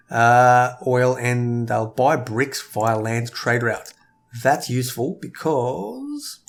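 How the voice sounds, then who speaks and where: A man giving casual gameplay commentary, thinking aloud and sometimes tripping over his words. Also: mid-range voice. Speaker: let's play gamer.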